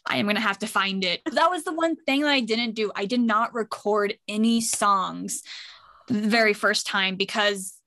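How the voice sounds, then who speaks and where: Woman, podcast co-host, bright tense tone, dry sound, upbeat casual chat. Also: medium pitch, normal speed, no echo.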